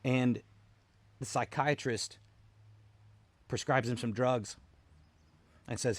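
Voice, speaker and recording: Earnest veteran man, halting retelling. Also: medium pitch. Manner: earnest, halting, often repeating words as he restarts. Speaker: military veteran, founder of a veterans' support group. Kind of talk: personal storytelling to camera.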